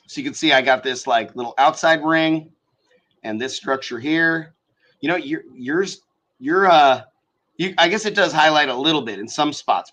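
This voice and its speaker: A man hosting a casual live-stream tutorial, talking through design software as he works, swearing freely and thinking out loud. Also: medium pitch, rough recording. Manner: profane, thinks aloud while working. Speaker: show host teaching design software.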